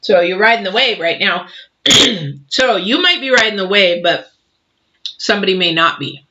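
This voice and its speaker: A woman's voice: medium pitch, animated, moderate pace, dull audio, background noise. Rambling woman reading tarot. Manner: chatty, rambling with many fillers. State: mouth full of cookie dough. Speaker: tarot reader.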